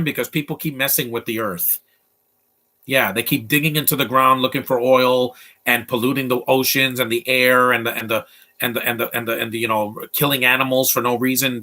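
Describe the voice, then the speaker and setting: A man's voice: mid-range voice, bright, forceful tone. Blunt, rambling young man reviewing a film. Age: 20s. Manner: blunt, rambling, opinionated, many restarts. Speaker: movie commentator. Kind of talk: casual live movie commentary.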